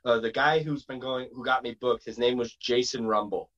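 A man spinning a road story as a wrestling guest, animated and loose, jumping into little quoted voices along the way. His voice sits in an ordinary middle pitch. The sound is dull and lo-fi, like a streamed call. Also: normal speed. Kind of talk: casual storytelling interview.

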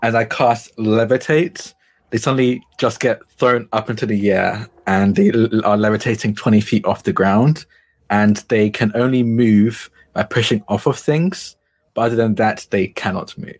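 A man's voice: on the low side, moderate pace. A man playing a tabletop game, describing his spell hesitantly with many ums. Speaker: player. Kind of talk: casual game talk.

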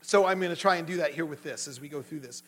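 A man giving an earnest sermon to a small gathering, telling a personal story and growing animated when he retells an argument. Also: a little high, fast talker, rough recording. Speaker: lay preacher.

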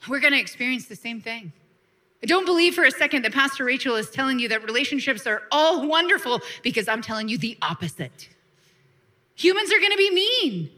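Bright high-voiced woman preaching a lively sermon. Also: brisk. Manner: lively preaching with laughs, call-and-response asides. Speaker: pastor.

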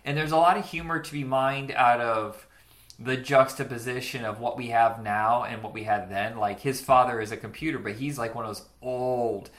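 Man in his forties, casual podcast chat, rambling, easy laughs, middle pitch. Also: fairly even intonation, moderate pace, a bit bright. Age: 40s. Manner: chatty, rambling, laughs easily. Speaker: podcast co-host. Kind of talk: casual chat about cartoons.

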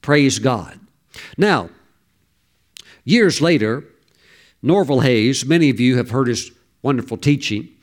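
A man's voice: mid-range voice, lively intonation, slow pace, pauses often. A middle-aged male pastor preaching a sermon, telling stories and urging his listeners on with fervor. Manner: storytelling preacher who exhorts and laughs loudly.

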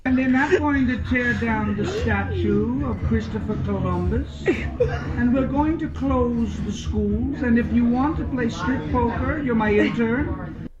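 Man doing a slow stern governor impression. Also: very high-pitched, roomy sound, muffled recording, a loud crowd, voice pushed up. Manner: very slow, deliberate delivery. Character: slow, stern middle-aged male governor.

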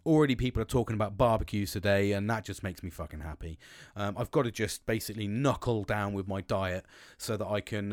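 Sweary podcaster, dry close sound. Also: male voice, medium pitch, dry recording. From England. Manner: blunt and sweary, rambling with frequent restarts. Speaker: podcast host. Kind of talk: casual solo podcast monologue. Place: small wooden shed. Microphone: close podcast mic.

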